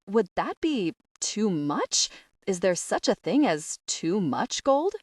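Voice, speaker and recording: A woman doing a deadpan polite man. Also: medium pitch, slow pace, dry recording, clean studio sound, far from the mic. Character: calm, dry-witted male architect.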